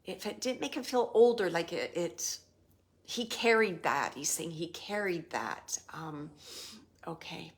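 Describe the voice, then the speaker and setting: Slow soft-talking woman doing a medium reading, halting, keeps dropping to a whisper. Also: fairly low pitch, expressive. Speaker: psychic medium. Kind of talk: live spirit reading.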